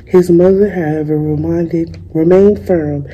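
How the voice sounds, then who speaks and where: A young woman, a student, reading a children's picture book aloud in a gentle, unhurried way. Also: lowish voice, fairly even intonation, highs cut off, a little hiss or hum. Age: young adult. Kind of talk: storybook read-aloud.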